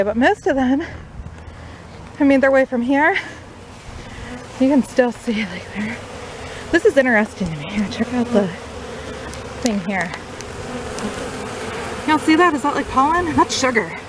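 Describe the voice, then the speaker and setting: A chatty woman talks through her beekeeping on a camera mic outdoors. Her voice sits a little high, with lots of easy fillers. Faint insect buzzing and outdoor noise run behind her. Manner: chatty, upbeat, uses many fillers. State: out of breath. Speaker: new beekeeper. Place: outdoors by beehives.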